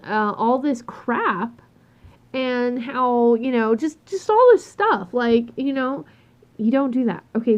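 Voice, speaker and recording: A woman telling a work story in a casual, exasperated rant, swearing freely and acting out what people said. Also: fairly high pitch. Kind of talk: casual ranting monologue. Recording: dull lo-fi sound.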